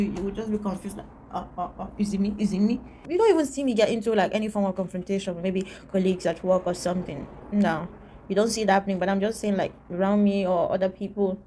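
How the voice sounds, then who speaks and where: A woman's voice: mid-range voice, a little mellow, slight background noise. A woman, ranting candidly to camera as a vlogger, blunt and emphatic, repeating her points for stress. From Antigua.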